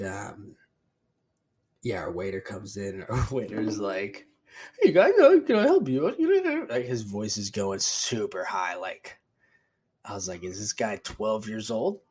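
A man's voice: lowish voice, breathy edge. A young man hosting a podcast alone, telling rambling, profane, laid-back stories in casual talk. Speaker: podcast host. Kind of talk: casual solo podcast monologue.

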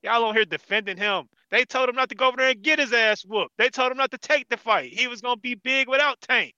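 A man's voice: extremely high pitch, fast talker, pushed and bright, clear, resonant tone, dry recording, muffled recording. A man calling in to trade trash talk in a heated casual debate, cursing freely and boasting.

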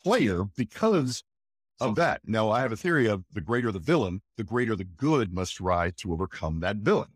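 Man, voice actor, interview guest, animated emphatic storytelling, lowish voice, dry sound. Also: normal speed, no echo. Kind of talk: enthusiastic interview chat.

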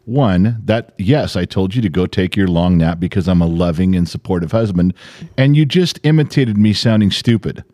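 A man in his forties or fifties co-hosting a podcast, bickering with his wife in an exasperated, animated way and swearing now and then. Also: deep voice, moderate pace, dry recording, clean studio sound. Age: 40s to 50s. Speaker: podcast co-host. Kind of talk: bickering casual chat.

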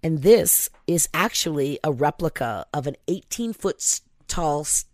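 Animated woman, dry close sound. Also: low voice, a little slow, dry recording. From Pacific Northwest, USA. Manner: animated, talks in run-on bursts with many "like"s. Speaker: podcast guest, nonprofit founder. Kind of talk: casual podcast conversation.

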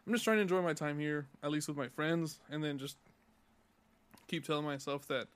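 A man's voice: fairly high pitch, a little fast, clear, resonant tone. A young man from California on a casual podcast, telling a profane, heated story about work. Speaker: podcast co-host.

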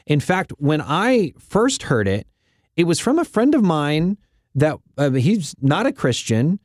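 A man's voice: on the high side, dry recording, clean studio sound. A man hosting a faith podcast in an easygoing, conversational way. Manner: lively, easygoing, fills pauses with uh. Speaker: podcast host. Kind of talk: casual faith podcast chat.

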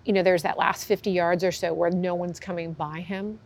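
A woman horse trainer tells her story candidly in a conversational interview, acting out what people said to her. Her voice is lowish with little pitch movement, and she speaks fairly quickly.

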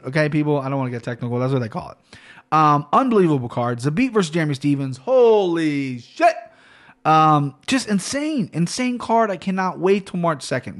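Profane, excitable man ranting on a podcast. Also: fairly high pitch. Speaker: podcast host. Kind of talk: solo podcast rant. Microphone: studio podcast mic.

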